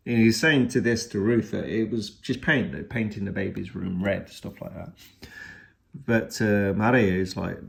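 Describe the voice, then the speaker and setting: A man's voice: fairly low pitch, steady tone, unhurried, vocal fry. A man and father giving a casual, rambling film review, retelling the plot with many restarts and fillers.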